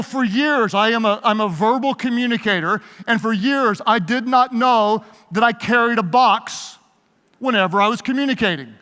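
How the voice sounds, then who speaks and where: Very high-pitched, bright and forceful, a man preaches a leadership sermon and draws his live audience into call-and-response. He's a pastor giving a sermon-style leadership talk in a large hall, and the recording carries a long hall reverb.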